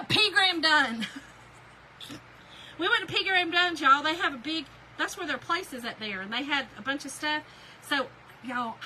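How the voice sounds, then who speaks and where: A woman's voice: high-pitched, sharp tone, a little hiss or hum, low-quality recording. A woman hosting a crafting livestream, chatting folksily and calling her viewers y'all. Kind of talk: casual chat while crafting on a livestream.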